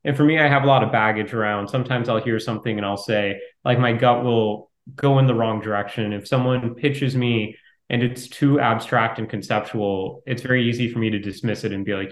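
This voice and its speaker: A man answering interview questions as a startup investor, talking quickly and in a fairly flat way. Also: mid-range voice. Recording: roomy echo.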